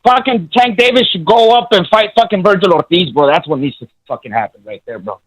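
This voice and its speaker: A man's voice: high voice, lively intonation, a little fast, fairly bright tone, no room sound, poor audio. A man calling in to a podcast, rowdy and mocking, swearing constantly, with a Mexican Spanish accent. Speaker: caller. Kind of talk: crude joking call-in rant.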